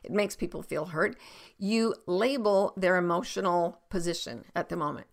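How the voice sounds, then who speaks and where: A woman's voice: on the low side, normal speed, vocal fry. A middle-aged woman coach giving advice on a podcast, talking expressively, acting out example exchanges and sometimes dropping to a whisper.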